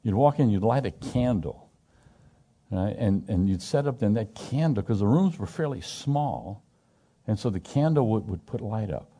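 A man's voice: on the low side, moderate pace, slightly rough. Man leading a casual Bible study. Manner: animated, emphatic, asks the group questions; frequent restarts and repetitions. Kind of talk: informal conversational scripture teaching.

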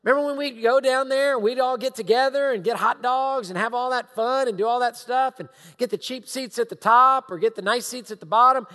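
A middle-aged male pastor giving a sermon, emphatic and repetitive, sometimes dropping into hushed asides. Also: extremely high pitch. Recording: long hall reverb.

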